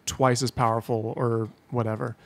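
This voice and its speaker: A man's voice: mid-range voice, flat delivery, moderate pace, gravelly, no room sound. A young man co-hosting a podcast, telling a story in an upbeat way and acting out what people said. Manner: upbeat storyteller who acts out quotes. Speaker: podcast co-host. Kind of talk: casual chat.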